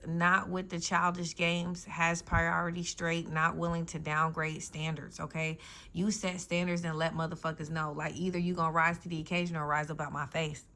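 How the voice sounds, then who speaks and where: A tarot reader with a fairly low, fairly bright voice delivers a casual reading. Her talk is blunt, slangy and heavy on profanity, punctuated by frequent "you know what I'm saying" check-ins.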